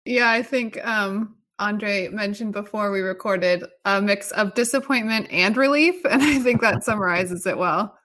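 A woman's voice: mid-range voice, a little slow, few pauses, fairly bright tone. A woman joining a podcast as a guest, talking in a friendly, deferring way. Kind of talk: casual podcast chat.

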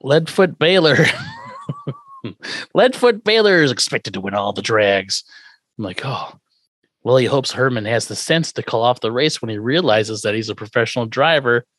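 A man casually recapping an old sitcom episode with co-hosts, acting out characters' lines in quick put-on voices and laughing often. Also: medium pitch, animated, fairly bright tone, no echo, clean studio sound. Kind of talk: casual chat.

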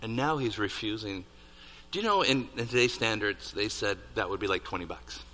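A man preaching a sermon, building to loud peaks on key points and dropping to hushed asides. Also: on the low side, moderate pace. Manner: animated, rising to near-shouts on emphasis, dropping to hushed asides. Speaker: pastor. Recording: reverberant hall.

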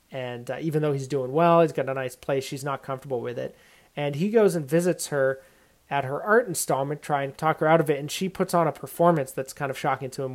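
A man hosting his own podcast, reviewing a film in a loose, conversational way with frequent fillers. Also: medium pitch. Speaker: podcast host. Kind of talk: casual spoken film review.

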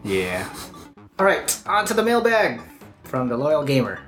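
Male podcast host, casual and jokey, animated pitch, laughs a lot. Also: unhurried, soft background music. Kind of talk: casual podcast chat, reading listener messages.

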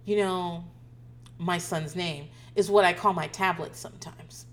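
A woman's voice: fairly low pitch, fairly even intonation, measured pace. A woman, a mother, casually telling family stories, laughing often, swearing, and acting out quoted voices. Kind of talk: casual storytelling monologue.

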